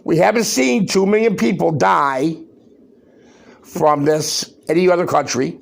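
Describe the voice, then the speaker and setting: Here a podcast host delivers his rant unhurriedly, his gravelly voice pitched a little high. Though the pace is relaxed, he is loud and worked up, firing off emphatic rhetorical questions.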